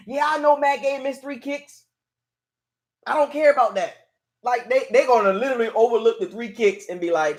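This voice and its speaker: High-voiced frustrated male sports fan. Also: lively intonation, a little fast, fairly bright tone. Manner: frustrated, exasperated, repeats "man" and "dog". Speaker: sports fan channel host. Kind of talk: live game reaction rant.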